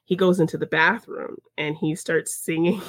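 A woman's voice: deep voice, steady tone, normal speed, no echo, clean studio sound. A woman co-hosting a podcast, recapping a film in casual chat, laughing often and using lots of fillers. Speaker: podcast co-host.

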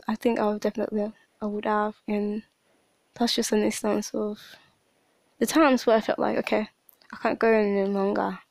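A woman's voice: on the high side, vocal fry, darkish tone, no echo. A woman in her late teens hosting a podcast, talking through a rambling, emotional personal monologue. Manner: emotional, rambling, with frequent restarts. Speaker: podcast host.

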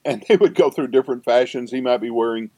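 A man's voice: mid-range voice, fast, mellow, no room sound. An older man, a seminary professor, talking in a rambling conversational interview with frequent restarts and asides.

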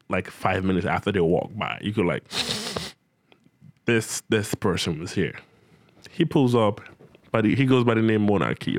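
Young male storyteller, low-voiced, slangy and animated, dry close sound. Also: no room sound. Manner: animated, slangy, acts out his own reactions. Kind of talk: casual comic anecdote.

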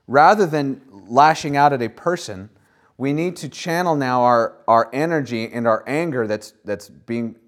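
A man preaching a sermon in a conversational way, pausing on fillers and restarting his phrases as he reads and explains scripture. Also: medium pitch. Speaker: pastor.

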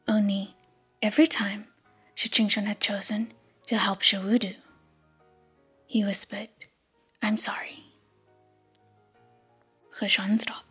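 A woman narrating an audiobook in a hushed whisper. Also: medium pitch, little pitch movement, measured pace, long pauses, breathy edge, soft background music.

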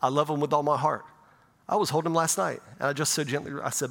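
The pastor, a middle-aged man, talks fast with a fairly high, steady, creaky voice that's a bit bright. He preaches conversationally in a church sanctuary, regularly tossing in "right?", under a long reverb.

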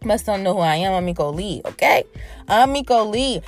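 A woman hosting her own podcast, talking to her listeners in a brash, profane, animated way. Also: mid-range voice, brisk, soft background music. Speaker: podcast host. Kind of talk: casual solo podcast chat.

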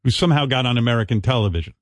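A male radio host ranting in a profane, mocking way, with a mid-pitched voice that swings widely up and down. The sound is close and dry, with no room around it. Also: lively intonation, rapid-fire, dry recording. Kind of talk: casual radio talk. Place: radio studio.

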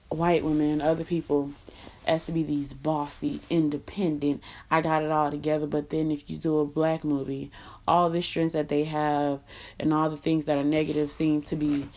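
A woman's voice: low voice, dark tone. A woman delivering an impassioned, profane monologue, blunt and emphatic with lots of repetition.

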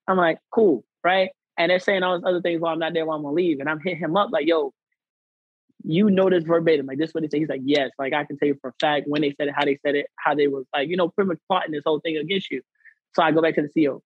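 A man's voice: on the high side, fast, no room sound, narrow, tinny audio. A man guest on a podcast telling a personal story in casual slang, acting out what others said. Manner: animated, acts out quoted people; conversational American slang.

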